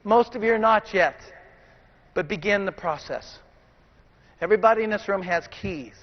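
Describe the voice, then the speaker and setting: A middle-aged man with a strikingly high voice delivers a motivational speech to a live audience, repeatedly demanding that they answer him back. He alternates between loud exhortation and low, intense passages. The recording is dull and lo-fi. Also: normal speed, in a large hall. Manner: call-and-response, demands the crowd answer; swings between shouting and hushed intensity. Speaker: motivational speaker. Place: large room with an audience.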